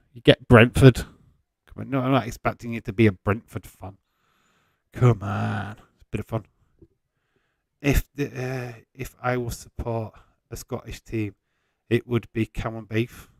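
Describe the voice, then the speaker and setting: A man with a lowish, gravelly voice talks slowly and chattily through a live wrestling watch-along. He wanders off into tangents and swears casually. The sound is close and dry. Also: mellow, no echo. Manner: rambling, chatty, swears freely. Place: home in Fife.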